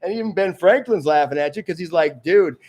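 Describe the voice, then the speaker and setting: This fast-talking man has a high, slightly mellow, expressive voice and hails from the Detroit area of Michigan. Hosting his homemade magazine show, he wanders across tangents, chuckling frequently and breaking off to start sentences anew.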